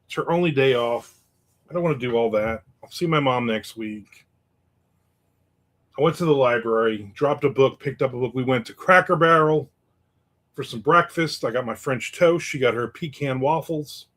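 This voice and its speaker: A middle-aged man chats loosely on his livestream, drifting from story to story and stopping to read out viewers' comments. His voice sits at an ordinary middle pitch for a man. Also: moderate pace, a bit bright. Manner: rambling, reads viewer comments aloud. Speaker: livestream host. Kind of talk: casual livestream chat.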